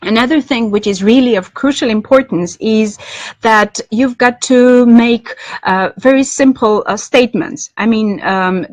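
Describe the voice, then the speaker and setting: Woman lecturer explaining, measured and dry. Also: medium pitch, no room sound. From Armenia. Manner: measured, explanatory, frequent ums and restarts. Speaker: English lecturer. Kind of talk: teaching a business English lesson.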